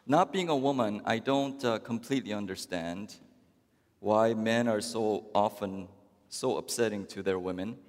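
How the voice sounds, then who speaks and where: A man preaching a sermon as pastor, talking to the congregation in a wry, conversational way with long pauses. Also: lowish voice, darkish tone. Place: church. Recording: long church reverb.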